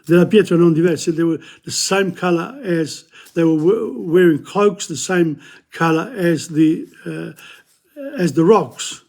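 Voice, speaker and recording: A senior teacher works through Dante in a loose, conversational style, mixing Italian readings with English commentary. His creaky voice is slightly high for a man, and his delivery is halting, with stumbles and repeated words.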